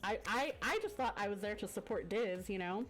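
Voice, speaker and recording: Over faint background music, a woman speaks briskly in a mid-range voice on her live stream. Hosting a guest, she sounds congested from a cough at her desk mic and effusively thanks viewers with many fillers.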